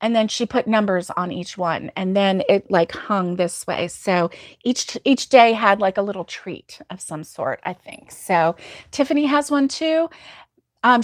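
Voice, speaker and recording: A woman's voice: fairly high pitch, no echo, studio quality. A woman hosting a crochet livestream, chatting casually with viewers, rambling and laughing often. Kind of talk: casual chat reading viewer comments.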